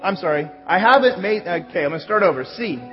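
High-voiced pastor in an echoey church. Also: male voice, lively intonation, fast talker. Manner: conversational, stops to correct himself. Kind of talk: church announcements from the pulpit. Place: church sanctuary. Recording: echoey hall, dull sound, music behind.

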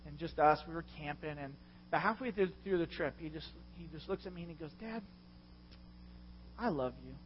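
High-voiced, passionate middle-aged pastor. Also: male voice, fairly even intonation, quick pace, dull audio, a little hiss or hum. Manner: passionate, confessional storytelling with loud swells. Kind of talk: sermon. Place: church.

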